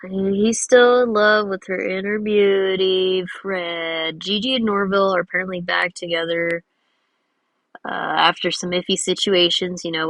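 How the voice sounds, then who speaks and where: Drawing creator, woman, slow and chatty, dry close sound. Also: mid-range voice, bright, forceful tone, no room sound. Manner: rambling and giggly, many fillers. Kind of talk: casual commentary while drawing.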